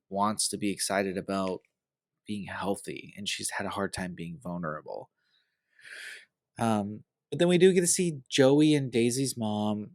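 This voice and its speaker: A man's voice: lowish voice, dry recording. A male podcast host giving a casual, earnest, rambling recap of a reality show episode.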